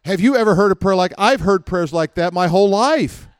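A man's voice: expressive, brisk, clear, resonant tone, no echo. Emphatic preaching man, dry close sound. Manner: conversational preaching with acted asides; rising to emphatic, higher-pitched fervor. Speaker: pastor. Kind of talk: sermon.

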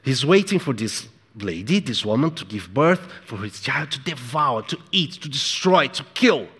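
A man preaching a sermon in an emphatic, repetitive way, moving between hushed and loud delivery. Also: mid-range voice, big pitch swings, normal speed, breathy edge. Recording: echoey hall with long reverb.

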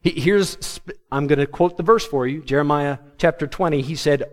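A man preaching a sermon to his congregation, animated and humorous, acting out the words of biblical figures. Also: a little high, normal speed, hardly any pauses. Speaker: pastor.

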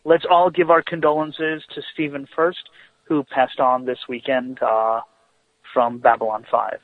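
A man's voice: mid-range voice, little pitch movement, unhurried, dry recording. A man co-hosting a radio show by phone while driving, chatty and joking. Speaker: radio co-host. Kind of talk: casual radio banter. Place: driving in a car. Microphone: phone call. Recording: tinny phone line from a car.

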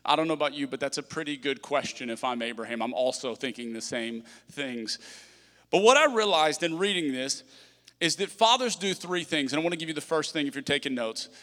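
Bright-voiced pastor preaching in a hall. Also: male voice, on the high side, a little fast. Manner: energetic, conversational with humorous asides. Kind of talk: sermon. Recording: long reverb of a large hall.

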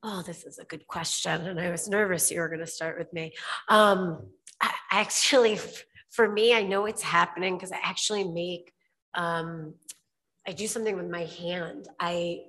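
Hesitant woman doctor, flat low voice. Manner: hesitant, many fillers and restarts. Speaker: infectious diseases physician, panelist. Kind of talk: panel discussion. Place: conference hall.

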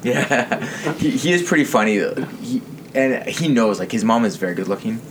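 A man's voice: medium pitch, moderate pace. A man hosting a podcast and chatting casually with friends, telling rambling stories and laughing often. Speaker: podcast host. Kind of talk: casual chat among friends. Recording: faint background noise.

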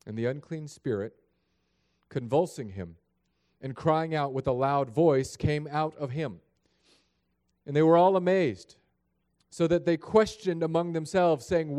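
A man's voice: on the high side, a little slow, mellow. A man preaching a sermon in a chapel, praying and reading scripture in an earnest, plain-spoken way that speaks straight to the congregation. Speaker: pastor.

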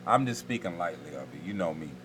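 A man's voice: low voice, expressive, fast talker, slight background noise. A man co-hosting a podcast, chatting casually in a laid-back, careful way. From Turks and Caicos family roots. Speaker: podcast co-host. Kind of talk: casual chat.

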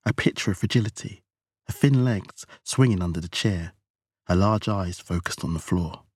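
A man narrating a novel with measured, even storytelling. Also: deep voice, husky, dry recording. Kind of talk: audiobook narration.

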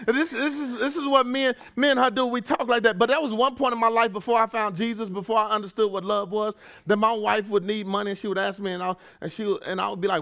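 High-voiced, bright preaching pastor, man. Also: fast talker. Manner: conversational preaching, rising to shouts, casual slang. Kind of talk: energetic preaching sermon.

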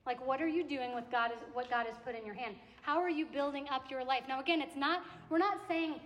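A young adult woman preaching a sermon to a campus ministry gathering, in a conversational, animated way that acts out little quotes. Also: sits high, fairly quick, few pauses. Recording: echoey hall with long reverb.

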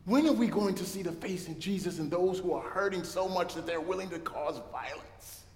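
A man's voice: sits high, a little fast, a little mellow. A man preaching a sermon, telling a story and building toward a rising preacher's cadence. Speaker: pastor. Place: church sanctuary. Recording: echoey church hall.

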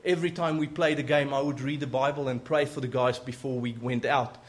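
A man preaching, telling a personal story in an earnest, animated way. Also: mid-range voice, brisk. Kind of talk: sermon storytelling.

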